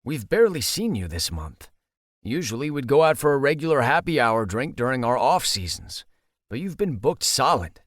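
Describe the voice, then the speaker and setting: A man's voice: medium pitch, sing-song, normal speed, dry recording, clean studio sound, lightly acted. A man voicing a young man, an easygoing friend who teases his buddy in an audiobook. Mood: teasing.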